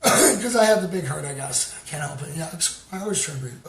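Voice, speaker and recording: A man from Canada hosting a livestream, chatting casually and giving shout-outs to viewers, rambling with many fillers. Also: high-pitched, a little fast, few pauses. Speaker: livestream host. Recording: roomy sound with background noise.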